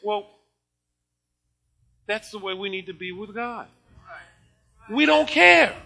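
An older man preaching a sermon, animated and laughing often, moving between shouted praise and quiet storytelling. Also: high-pitched, takes it slowly, vocal fry, poor audio. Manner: laughs often while talking.

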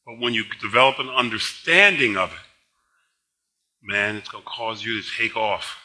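A man in his sixties, a tired pastor, preaching a sermon in a relaxed, conversational way, telling stories between scripture and leading his congregation in slow, emphatic confession. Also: lowish voice, rough recording.

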